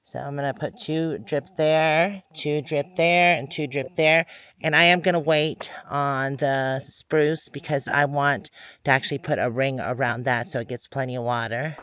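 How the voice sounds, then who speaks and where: Bright-voiced man talking through his garden. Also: medium pitch. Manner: relaxed, thinking aloud as he works. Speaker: garden vlogger. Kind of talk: casual vlog narration. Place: outdoors in a home garden.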